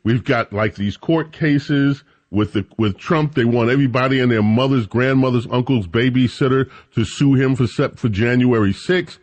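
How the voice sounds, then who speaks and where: A man hosting a weekend talk radio show, chatting casually and rambling with drawn-out emphasis into a studio microphone. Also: mid-range voice, darkish tone.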